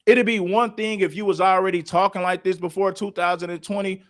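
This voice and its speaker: A man's voice: high-pitched, steady tone, fairly quick, fairly bright tone, dry recording, studio quality. A man hosting a livestream, arguing in a confrontational, repetitive way. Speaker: livestream host. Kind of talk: heated livestream commentary.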